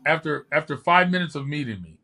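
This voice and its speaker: Gravelly older man telling stories. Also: a little high, fairly quick. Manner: lively storyteller who acts out quotes. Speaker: podcast host and former bodybuilder. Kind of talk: casual storytelling.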